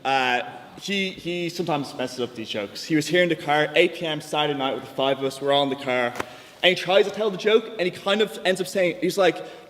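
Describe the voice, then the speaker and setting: A man's voice: on the high side, brisk, a bit bright. A young man giving a chatty, jokey floor speech in a student debating chamber. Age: young adult. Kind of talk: informal storytelling speech. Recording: long hall reverb, faint background noise.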